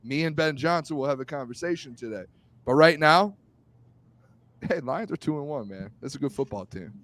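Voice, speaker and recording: Excitable high-voiced man. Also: normal speed, dry recording. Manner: excitable, shouting, teasing. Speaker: co-host. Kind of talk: hyped sports talk.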